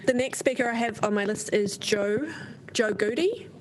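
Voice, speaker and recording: New Zealand woman, chair, mid-pitched, friendly and organising. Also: normal speed, low-quality recording. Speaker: meeting chair. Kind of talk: chairing a public hearing.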